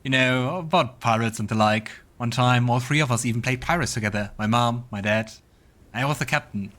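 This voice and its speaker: A man's voice: medium pitch, fairly quick, fairly bright tone, close to an everyday voice. A man voicing an ashamed, guarded young ranger who mutters.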